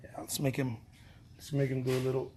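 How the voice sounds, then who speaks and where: A man's voice: mid-range voice, completely flat delivery, a little fast. A man painting on camera, chatting casually with a scratchy throat, rambling, joking and repeating himself. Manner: rambling and joking, repeats words, laughs often.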